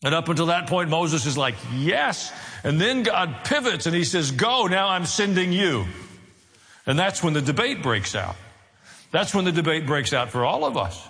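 A man's voice: a little high, big pitch swings, brisk, fairly bright tone. Male pastor, sermon delivery, wry asides, emphatic build, long hall reverb. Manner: builds to raised, emphatic preaching.

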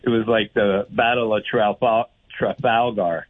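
A man's voice: lowish voice, steady tone, measured pace. A man calling into a radio show, telling a jokey story with many hesitations. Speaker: caller. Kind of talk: call-in anecdote. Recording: tinny phone line.

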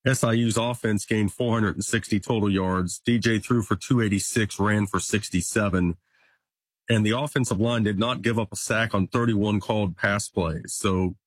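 Guest sports reporter, male, husky voice, dry sound, chatty and numbers-driven. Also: on the low side, dry recording. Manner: stat-heavy, conversational, occasional restarts. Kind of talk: casual sports analysis.

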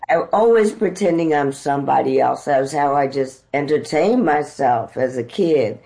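Animated, laughing actress telling stories. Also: female voice, sits low, normal speed, gravelly, rough recording. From United States. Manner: animated storyteller, laughs often. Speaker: actress, interview guest. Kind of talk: conversational interview storytelling.

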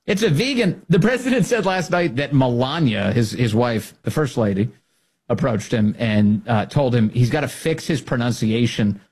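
A husky man hosting a political podcast, teasing and sarcastic as he talks over clips. He laughs often and tosses in quick asides, keeping his voice at an ordinary middle pitch. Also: animated, darkish tone. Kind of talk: casual political commentary.

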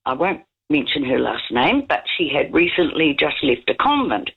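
A woman's voice: low voice, sing-song, normal speed, creaky, slightly rough. A woman, calling into a radio show and telling a rambling story while giggling. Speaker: caller. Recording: dull lo-fi radio call line.

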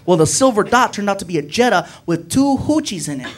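A male stand-up comedian telling an animated story and acting out voices, in a noisy live recording. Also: high voice, brisk, a crowd in the background. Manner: animated, acts out voices, loud bursts.

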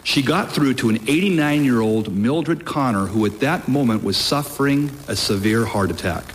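A man preaching a sermon with emphatic, deliberate delivery, lifting his voice on key phrases. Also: medium pitch, expressive, slight background noise. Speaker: pastor.

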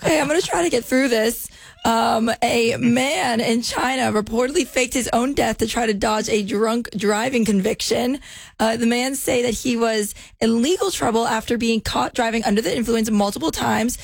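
A woman co-hosting a radio show with a hoarse, raspy voice from a sore throat, reading news items with halting fillers. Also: a little high, dry recording. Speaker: radio co-host. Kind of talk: casual morning show banter.

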